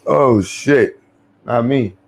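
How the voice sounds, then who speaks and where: A man's voice: mid-range voice, very slow, creaky. A man with a New York accent giving blunt, profane, slangy commentary as a vlogger.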